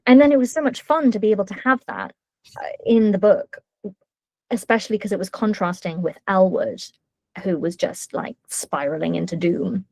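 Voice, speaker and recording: Woman author chatting away in an interview, lively storyteller, dry close sound. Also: mid-range voice, vocal fry, no room sound. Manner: lively storyteller, quick asides and many fillers. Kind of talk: casual interview chat.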